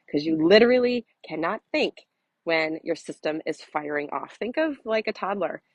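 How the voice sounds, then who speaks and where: Earnest low-voiced woman wellness coach. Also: no echo, poor audio. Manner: earnest, open and reflective, with restarts. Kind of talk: casual vlog talk to camera. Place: outdoors, walking in an orange grove.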